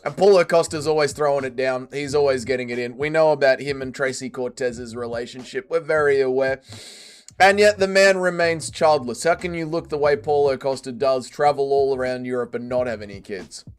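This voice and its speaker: A man's voice: medium pitch, fairly quick, clean tone. A man hosting a casual livestream, greeting chat and joking around. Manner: banters with chat, jokey and animated. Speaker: livestream host. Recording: faint music behind.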